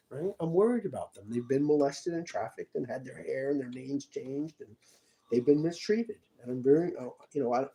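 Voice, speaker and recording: A man in a rambling personal monologue, halting and restarting with repeated words. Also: medium pitch, warm tone, poor audio.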